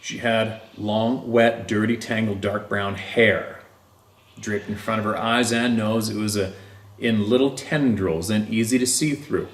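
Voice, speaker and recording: A man reading a first-person encounter story aloud in a slow, deliberate way with drawn-out pauses. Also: lowish voice, fairly even intonation, roomy sound. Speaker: story narrator.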